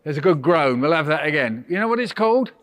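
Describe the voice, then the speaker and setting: A man's voice: on the high side, sing-song, fast, a bit bright. An older English man leading a school workshop for small children, playful and coaxing, counting them into call-and-response chants. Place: indoor school room with children.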